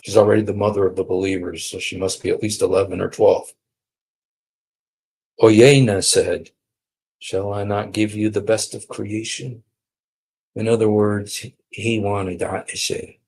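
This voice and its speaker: A man giving an emphatic, mocking polemical religious talk, swinging between loud and quiet. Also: deep voice, little pitch movement, moderate pace, creaky, slight background noise. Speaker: preacher on a streamed show.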